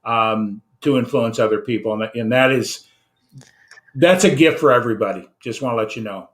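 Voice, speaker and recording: A man's voice: medium pitch, normal speed. Guy hosting an interview, financial coach, earnest and reflective, lots of ums. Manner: earnest, sums up with repeated phrases and fillers.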